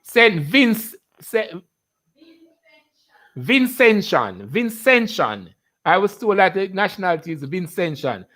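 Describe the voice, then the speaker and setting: A middle-aged Jamaican man with a Jamaican accent, hosting a casual live biology lesson, greeting viewers by name and drawing out key terms slowly. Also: high voice, lively intonation, pushed and bright, low-quality recording.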